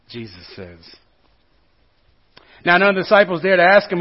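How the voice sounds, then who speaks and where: A man's voice: high voice, normal speed, pauses often. A male pastor preaching a sermon to a congregation in a church, conversational and joking, often asking the listeners questions. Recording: dull lo-fi recording.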